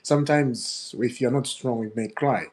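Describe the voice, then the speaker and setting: A man hosting his own football fan channel, ranting in an upset, animated way, laughing and repeating himself. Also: mid-range voice, normal speed. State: upset, fuming. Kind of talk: ranting video commentary.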